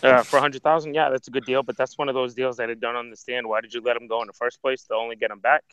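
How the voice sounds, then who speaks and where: A man's voice: medium pitch, little pitch movement, racing, fairly bright tone, slight background noise. A man co-hosting a casual football podcast, giving his views hesitantly with many ums and you-knows. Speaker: podcast co-host. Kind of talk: casual chat. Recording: dry, dull lo-fi line.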